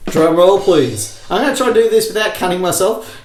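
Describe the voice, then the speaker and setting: A man's voice: sits high, moderate pace, roomy sound, a little hiss or hum, poor audio. A man hosting a casual shaving demonstration, rambling with jokey self-mocking asides. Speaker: shaving video host.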